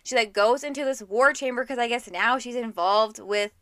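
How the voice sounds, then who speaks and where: A woman's voice: on the high side, moderate pace, dry recording, studio quality. A woman co-hosting a casual book chat, animatedly acting out what characters say. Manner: animated, acts out characters' lines. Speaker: podcast co-host.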